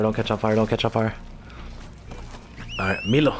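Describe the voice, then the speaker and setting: A man with a lowish voice commenting on his own gameplay, excitable and quick to swear. He jokes with himself and reacts loudly to what happens on screen. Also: slight background noise. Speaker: gameplay streamer.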